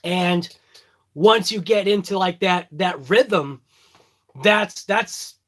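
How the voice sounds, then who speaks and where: A man's voice: high voice, slow pace, a bit bright. A man with a thick Boston accent rambling through a jokey morning check-in to his phone camera. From Boston area. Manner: rambling, jokey, self-mocking. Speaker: vlogger. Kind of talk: casual morning check-in chat.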